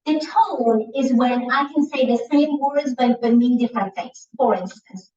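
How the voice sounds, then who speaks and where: A woman's voice: fairly high pitch, a little slow, few pauses, a little mellow. A middle-aged woman giving a seminar to a class as a communication coach, demonstrating points by shifting her tone and pace. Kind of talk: lively presentation to a class. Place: lecture room. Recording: roomy, distant, dull lecture-hall recording.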